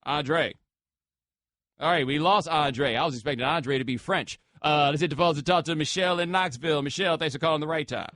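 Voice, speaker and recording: A man's voice: on the high side, a little fast, pushed and bright. A man hosting a sports talk radio show from a studio, taking callers in a loose, joking way with slangy asides. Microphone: studio microphone.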